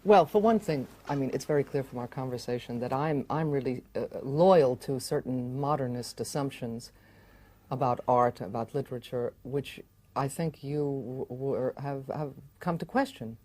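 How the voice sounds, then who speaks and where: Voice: medium pitch, moderate pace, darkish tone. A writer talking reflectively about how stories begin, hesitant, with many fillers and restarts. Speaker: fiction writer and filmmaker. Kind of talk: reflective conversation about writing.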